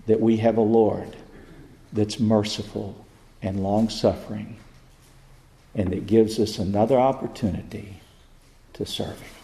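A male preacher delivers a sermon at an unhurried, deliberate pace. His voice sits at an ordinary pitch and rises sharply when he drives a point home. The sound carries the long ring of a reverberant hall. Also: dark tone. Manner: rising to high, fervent pitch at climaxes. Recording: echoey hall.

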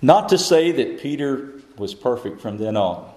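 Slow, deliberate male preacher in an echoey hall. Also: big pitch swings, mellow. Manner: rising to high, fervent pitch at climaxes. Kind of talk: sermon.

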